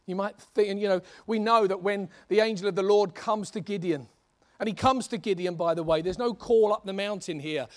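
A man preaching a sermon in an animated, conversational storytelling manner. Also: sits high, brisk.

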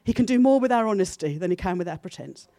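A woman's voice: mid-range voice, animated, fast talker, no room sound. A woman preaching a sermon to her church in an earnest, personal way. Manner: earnest, builds from soft confessional to emphatic.

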